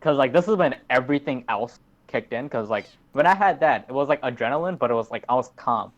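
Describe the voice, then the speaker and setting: A man's voice: medium pitch, expressive, quick pace. Swearing teen guy telling a story. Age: teens. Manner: rambling storytelling, heavy swearing. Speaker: podcast host. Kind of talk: casual chat. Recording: dull lo-fi recording.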